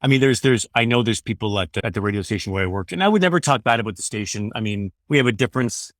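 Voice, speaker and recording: A man's voice: lowish voice, animated, rapid-fire, no echo. Middle-aged man, ex-radio host, loose earnest guest talk, dry close mic. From Canada. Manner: earnest, rambling, says "man" and "you know" often. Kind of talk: candid interview conversation.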